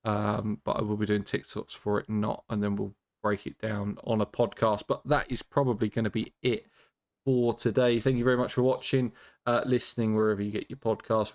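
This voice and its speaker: A man hosting a casual cricket podcast, talking with dry, deadpan humour and plenty of ums. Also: lowish voice. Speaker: podcast host.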